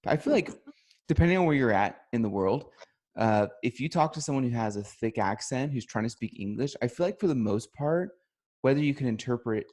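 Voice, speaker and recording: A man in casual podcast chat, telling anecdotes in an animated way and laughing often. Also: medium pitch, a little fast. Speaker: podcast co-host.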